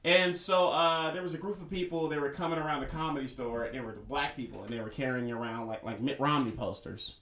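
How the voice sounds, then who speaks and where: A man's voice: mid-range voice, quick pace, few pauses, a bit bright, distant mic. A man, a guest comedian, telling a story in casual podcast chat, laughing often as he talks. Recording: echoey room.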